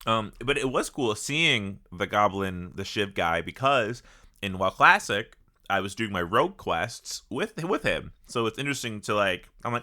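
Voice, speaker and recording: A man co-hosting a gaming podcast with a bright, forward voice that swings widely in pitch. He talks expressively and casually, with a fair bit of swearing. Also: lively intonation, normal speed. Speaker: podcast co-host.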